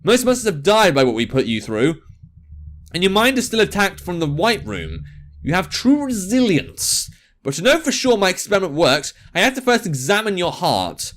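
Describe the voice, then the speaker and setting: A man voicing a cold, scheming female scientist in a game, speaking slowly and calmly. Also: high voice, full character voice. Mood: cold menace.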